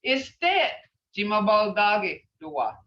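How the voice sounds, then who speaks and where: A woman's voice: mid-range voice, big pitch swings, slow pace, recorded from a distance. A woman teaching a language class, patiently repeating phrases as she explains them. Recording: muffled, roomy, from off mic.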